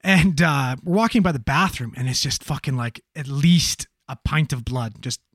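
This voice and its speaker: A man who works in emergency medical services, telling a story in casual chat, animated and profane, with many fillers. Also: medium pitch, normal speed, dry recording, studio quality.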